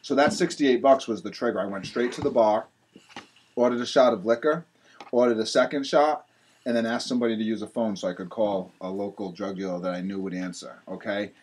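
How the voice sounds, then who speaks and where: His voice is lowish and slightly rough, and he talks at a fairly quick clip. He's a Rhode Island man guesting on a podcast, sharing his story frankly and animatedly while acting out what others told him.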